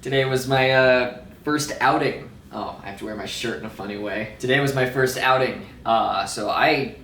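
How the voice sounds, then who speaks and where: At a moderate pace and with a fairly bright tone, this mid-range male vlogger rambles about his surgery recovery, swearing, laughing often, and poking fun at himself. He's far from the mic, the room sounds roomy, and there's faint ambient background noise.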